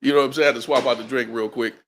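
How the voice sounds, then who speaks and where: A man's voice: mid-range voice, fairly even intonation, very fast, fairly bright tone, slight background noise. A man hosting a casual chat, laid-back, chiming in with short agreements and his own stories. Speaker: host.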